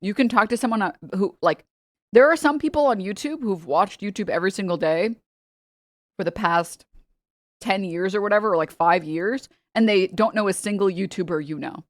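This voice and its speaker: A young woman streamer giving casual, joking reaction commentary, chatty and quick to laugh. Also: mid-range voice, no room sound, clean studio sound.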